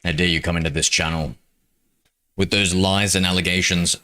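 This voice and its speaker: A man's voice: sits low, fairly even intonation, normal speed, sharp tone. A young man chatting casually with viewers on a game stream, rambling with lots of ums. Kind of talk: casual live-stream chat.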